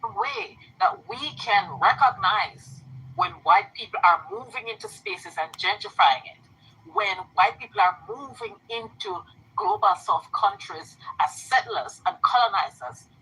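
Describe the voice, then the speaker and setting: A woman giving earnest, measured social commentary. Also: mid-range voice, very animated, pushed and bright, slight background noise, low-quality recording. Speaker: commentator in a played clip.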